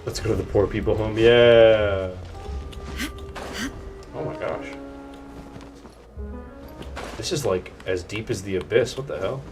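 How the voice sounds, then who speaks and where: A man's voice: on the low side, normal speed, far from the mic. A young man casually commenting on a video game as he plays, goofy and rambling. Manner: goofy, rambling, loud outbursts, says "dude" and "like". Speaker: gaming streamer. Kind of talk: casual let's play commentary. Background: game music.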